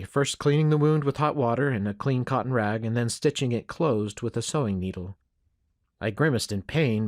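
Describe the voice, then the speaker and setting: A man narrating a first-person western audiobook in a steady, measured way. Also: lowish voice, no echo, studio quality.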